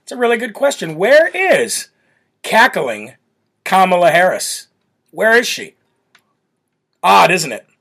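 A man's voice: high voice, big pitch swings, unhurried, gravelly, pauses often, fairly bright tone. A man hosting a political talk show, brash and mocking, laughing often as he reads viewer comments. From United States. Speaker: host. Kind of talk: political talk show, reading live chat.

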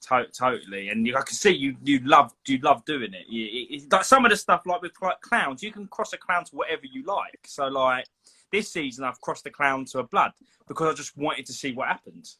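Bright-voiced podcast host. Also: male voice, mid-range voice, a little fast, husky. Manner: easygoing, laughs along, rambling explanations. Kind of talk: casual podcast chat.

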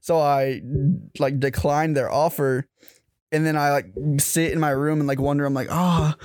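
A man's voice: a little high, little pitch movement, moderate pace, darkish tone, clear, resonant tone, dry recording, studio quality. A young man hosting a podcast, telling a story in loose casual chat, swearing often and laughing between thoughts. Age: young adult. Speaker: podcast host.

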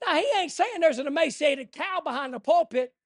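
A man preaching a fervent sermon, swinging from hushed lines to shouting. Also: extremely high pitch, a little fast, dry recording, studio quality.

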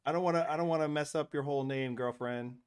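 A man's voice: fairly high pitch, fast, smooth. Casual man hosting a live chat. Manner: casual, reads out chat names. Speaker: podcast host.

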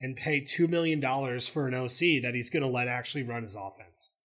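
A man with a Southern accent, co-hosting a casual sports talk show and cutting in with animated opinions. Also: mid-range voice, fairly quick. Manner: animated, talks over his co-host. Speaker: co-host.

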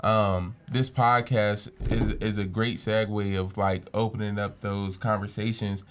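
A young man co-hosting a podcast in casual chat, an animated storyteller who swears freely and acts out what people said. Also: on the low side, measured pace, background noise. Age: young adult. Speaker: podcast co-host.

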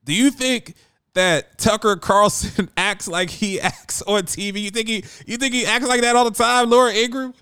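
A man's voice: high-pitched, fairly bright tone, smooth, no room sound, studio quality. A man who hosts a radio show, talking in a brash, emphatic casual monologue.

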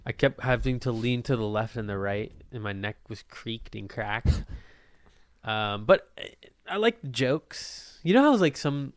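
A young man hosts a laid-back podcast with friends. His voice is smooth and clear, and the room sounds dry and close. He rambles, trails off mid-thought and drops casual swears. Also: medium pitch, lively intonation, unhurried, no echo. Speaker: podcast host. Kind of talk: casual chat.

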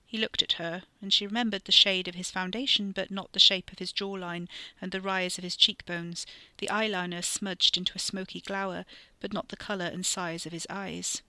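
Bright, dry-voiced horror story narrator. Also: medium pitch, flat delivery, moderate pace, few pauses, dry recording. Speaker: podcast storyteller.

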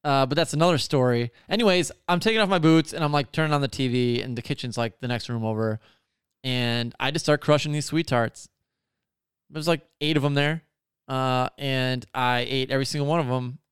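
A man's voice: medium pitch, brisk, clear, resonant tone, no echo, studio quality. A man telling a long story in a casual, rambling way, swearing often and full of fillers. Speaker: podcast co-host telling a story.

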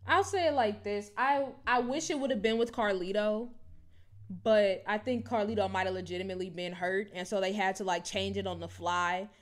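A chatty woman co-hosting a casual podcast, talking in an easy, animated way and filling her sentences with "like." Her voice sits in a middle pitch, neither high nor low. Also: moderate pace. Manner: chatty and animated, many fillers like "like" and "low-key". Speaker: podcast co-host. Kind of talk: casual wrestling chat.

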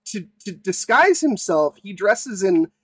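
A young man rants through a casual podcast chat, swearing freely and tripping over his own restarts. His voice sits a bit high, and it is recorded close and dry. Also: very animated, a bit bright, no room sound. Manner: ranting, swearing, halting restarts. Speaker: podcast co-host.

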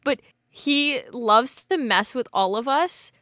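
A woman's voice: a little high, slow, sharp tone, no room sound, studio quality. A woman hosting a casual late-night podcast chat, rambling with lots of fillers and laughter.

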